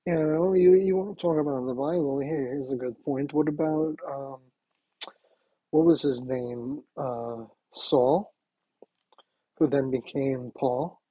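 A man's voice: on the high side, big pitch swings, slow, vocal fry, breathy edge, no echo, narrow, tinny audio. A man hosting a talk show, rambling casually with many fillers and restarts. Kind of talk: casual monologue.

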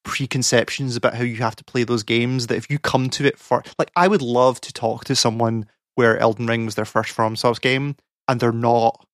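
A man's voice: medium pitch, flat delivery, normal speed, no echo, clean studio sound. A young man, a podcast co-host, rambling and ranting in exasperation with lots of fillers. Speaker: podcast co-host, game academic. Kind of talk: casual podcast chat.

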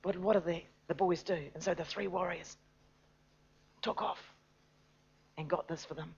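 A woman preaching a sermon, swinging from loud, urgent emphasis to hushed, near-whispered lines, with some hesitations and restarts. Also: fairly low pitch, steady tone, measured pace, breathy edge, dull audio.

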